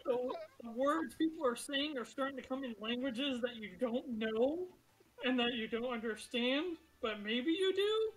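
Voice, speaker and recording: Woman game master narrating brightly. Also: on the high side, normal speed, poor audio. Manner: chatty, laughs through descriptions.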